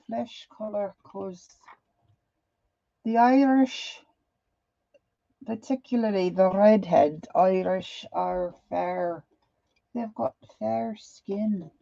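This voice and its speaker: A middle-aged woman chatting casually and self-deprecatingly while she draws, halting with fillers as she works. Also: medium pitch, creaky, dark tone, no echo, muffled recording. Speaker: art journaling vlogger. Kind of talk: casual live drawing chat.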